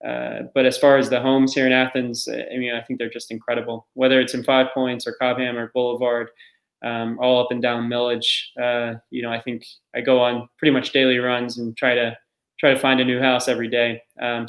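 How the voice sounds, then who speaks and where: A man in his thirties, an emergency doctor, answering interview questions in a reflective, halting way with many fillers. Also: medium pitch, monotone. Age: 30s. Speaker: ER doctor guest. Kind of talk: remote interview. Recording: echoey room.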